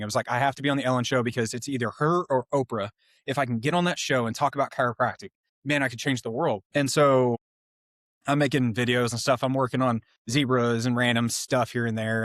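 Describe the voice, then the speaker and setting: Man guest, lively rambling anecdotes, dry studio sound. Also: mid-range voice, dry recording. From Oklahoma, US. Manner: animated, self-interrupting, laughs through stories. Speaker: animal chiropractor guest. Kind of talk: casual storytelling interview.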